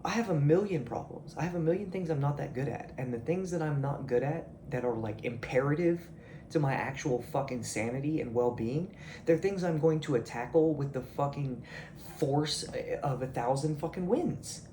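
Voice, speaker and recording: A man's voice: on the high side, lively intonation, moderate pace, warm tone, a little hiss or hum. A man delivering a blunt, profane motivational rant straight at his viewers. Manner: blunt, swearing, confrontational. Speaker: video creator. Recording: echoey room.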